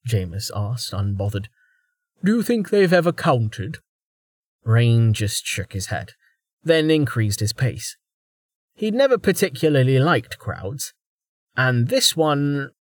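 Brief: male fantasy audiobook narrator, mid-pitch, dry close mic. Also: slightly rough, no echo.

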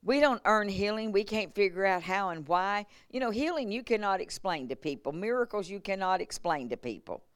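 A woman revival preacher speaks briskly with few pauses, her medium-pitched voice clean-toned, as she relates healing stories in a church sermon. She laughs and acts out quotes in lively testimony, and the clean studio recording has no echo.

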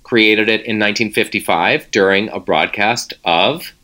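A man's voice: lowish voice, a little slow, bright, forceful tone. A man, co-hosting a casual chat and playfully quizzing his partner with trivia. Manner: playful, teasing quizmaster. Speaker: co-host running a trivia game.

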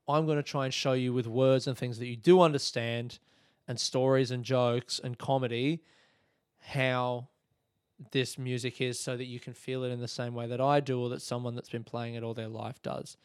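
A man's voice: medium pitch, little pitch movement, normal speed, smooth, no room sound, clean studio sound. A tired man hosting a podcast alone in his room late at night. He rambles, yawns, swears and makes fun of himself. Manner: rambling, sleepy, profane and self-mocking. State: tired and yawning. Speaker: podcast host. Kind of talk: casual late-night monologue. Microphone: podcast microphone.

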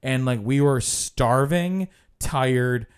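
A man's voice: mid-range voice, takes it slowly, clear, resonant tone. A man hosting a podcast, telling a story casually with lots of swearing and fillers. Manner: animated, profane storytelling with frequent "like". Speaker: podcast host. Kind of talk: casual chat.

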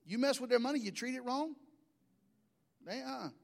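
A man's voice: extremely high pitch, normal speed, creaky. A middle-aged man, preaching a sermon in a folksy, joking storytelling way. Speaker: pastor.

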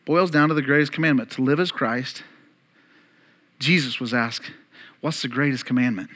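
Emphatic preacher man, bright voice. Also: moderate pace. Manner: emphatic, climbs louder and higher, then drops to soft and low; calls on the congregation to repeat words. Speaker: pastor. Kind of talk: sermon.

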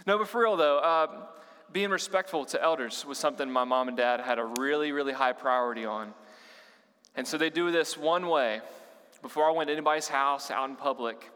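A man's voice: on the high side, brisk, bright, forceful tone, smooth. A young man preaching to a church congregation in a playful, joking way, often throwing questions to the crowd. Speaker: youth pastor. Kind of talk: humorous sermon to a church congregation. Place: church auditorium. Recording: long reverberant hall.

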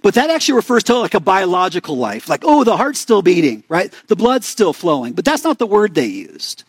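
A man's voice: sits high, wildly swooping pitch, a little fast, husky. A young man with an Arizona accent preaching a sermon in a conversational way, often asking the congregation questions. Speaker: pastor.

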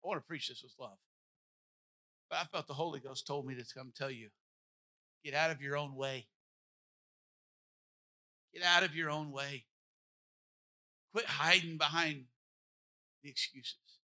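A man's voice: fairly high pitch, a little slow, long pauses, sharp tone. A man in his forties preaching a sermon as pastor, with an impassioned, repetitive cadence. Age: 40s.

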